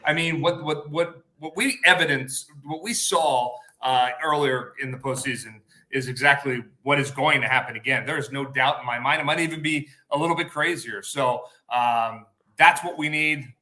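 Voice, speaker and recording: A man co-hosting a sports radio show, confident and steady with frequent "um" and "you know" fillers. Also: mid-range voice, moderate pace. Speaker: radio co-host.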